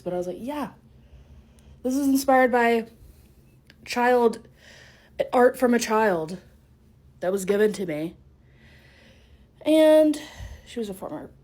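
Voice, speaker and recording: A woman's voice: lowish voice, darkish tone, slightly rough. A young woman chatting casually through a year of her art as a vlogger, bubbly and prone to interrupting herself. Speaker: artist vlogger. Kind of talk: casual vlog narration.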